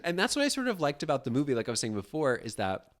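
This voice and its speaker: Lively podcast cohost, big swoopy pitch, laughs a lot, trails off mid-sentence. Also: rapid-fire. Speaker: podcast co-host. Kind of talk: casual chat.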